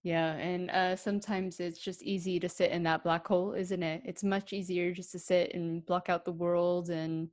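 A woman hosting an interview, asking gentle questions and affirming her guest. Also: fairly low pitch, flat delivery, normal speed, few pauses. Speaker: podcast host. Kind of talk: conversational interview.

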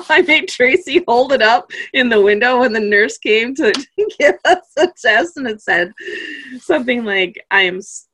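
A woman tells a family story in casual conversation, her voice sitting fairly high and swooping widely as she goes. She is an animated storyteller who laughs often and slips into the voices of others. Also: a little slow, slight background noise. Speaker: parent telling a family story. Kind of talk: casual chat.

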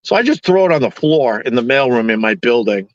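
A man's voice: mid-range voice, animated, a little fast, no room sound, highs cut off. A man hosting a live stream, ranting with sarcastic exasperation to the people watching.

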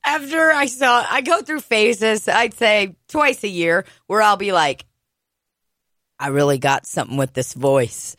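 A woman's voice: mid-range voice, expressive, measured pace, a bit bright, dry recording, studio quality. A woman co-hosting a casual comedy podcast, joking crudely and swearing often. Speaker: podcast co-host. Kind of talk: casual chat.

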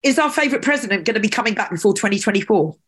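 Chatty lady hosting her show, gushing, middle-pitched voice. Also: lively intonation, very fast. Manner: chatty and effusive, laughing often. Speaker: podcast host. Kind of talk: casual interview chat.

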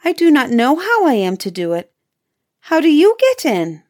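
A frightened little girl from a storybook, played by a woman reading aloud pleads through her fear. Her voice rises higher than the narrator's, tearful and desperate. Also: wildly swooping pitch, moderate pace, a little mellow. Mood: feigned confusion.

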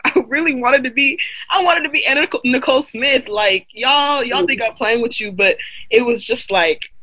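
A woman in her twenties telling stories in a casual group chat, animated and full of fillers. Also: high-pitched, lo-fi sound. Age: 20s. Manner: animated storytelling with many fillers.

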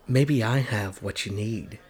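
A man's voice: slow pace, a little mellow. A man voicing a sly, sweet-talking witch woman. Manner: sly, teasing, higher sweet voice. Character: sly flirtatious witch woman, floating enchantress.

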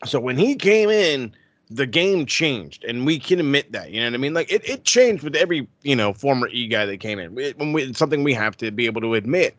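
Bright-voiced man, blunt and profane. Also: mid-range voice, fairly quick, no room sound. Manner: blunt, heavy swearing, animated retelling. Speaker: podcast co-host. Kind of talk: casual wrestling chat.

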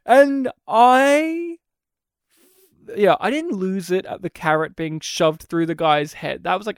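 A podcast host in casual film chat, talking in animated, quick bursts and laughing often. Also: medium pitch, dry recording, clean studio sound.

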